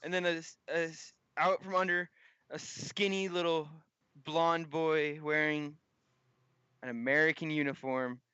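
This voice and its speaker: A man narrating as game master of a tabletop game, halting with frequent restarts. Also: on the high side, fairly even intonation, pushed and bright, clear, resonant tone, no room sound, dull audio.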